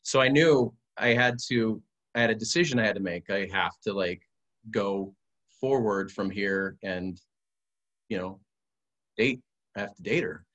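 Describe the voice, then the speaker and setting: A man's voice: fairly low pitch, measured pace, pauses often, a bit bright, lo-fi sound. A man, a podcast guest, telling an earnest story in casual conversation, bringing it to life with quoted dialogue.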